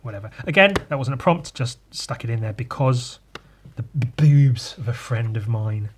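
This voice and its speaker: An artist flips through his own sketchbook on a podcast mic, rambling irreverently, swearing freely and poking fun at himself. His mid-range male voice moves at a moderate pace, with background noise in the recording.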